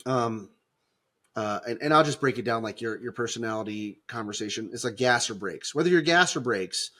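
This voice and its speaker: A middle-aged man talks through faith topics in a loose, animated way, stumbling and restarting as he goes. His voice sits at an ordinary pitch for a man, and he slips into quick little acted-out voices of other people. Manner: animated, acts out quoted voices, many restarts. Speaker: podcast co-host. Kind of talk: casual faith discussion.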